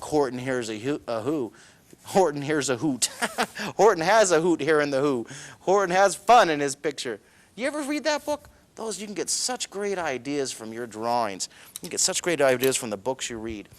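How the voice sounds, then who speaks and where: A middle-aged man, a cartoonist, teaching a children's drawing lesson with enthusiasm, chuckling and telling stories as he sketches. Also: medium pitch.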